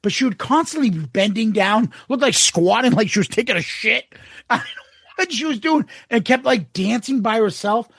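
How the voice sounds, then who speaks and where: A man co-hosting a podcast, telling stories in an animated, profane way and acting out what people said. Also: very high voice, normal speed, slightly rough, dry recording, studio quality. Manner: swearing, animated storytelling with quoted voices. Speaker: podcast co-host. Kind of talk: casual chat.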